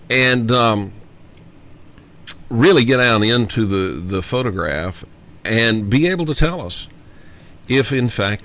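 A man delivers an emphatic solo commentary as host of his own show. He slows down to repeat his main points for weight. His voice sits at an ordinary pitch, and the recording sounds a little dull and lo-fi. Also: fairly bright tone. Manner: emphatic, repeats key lines slowly for effect. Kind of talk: monologue commentary. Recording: dull lo-fi audio.

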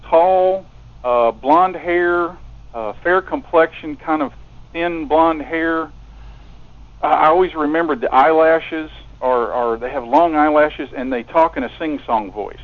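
A man's voice: a little high, unhurried. Earnest male radio guest with a stammering delivery, heard over a thin phone line. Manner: earnest, stammers and repeats words. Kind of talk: casual phone conversation. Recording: narrow telephone line.

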